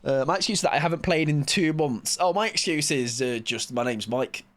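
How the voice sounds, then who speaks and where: A man's voice: a little high, a little fast, a bit bright, dry recording. A British man in his thirties, a game streamer chatting casually and joking with his lobby while he plays. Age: 30s. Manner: chatty, joking, rambling with fillers. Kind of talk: casual chat while gaming.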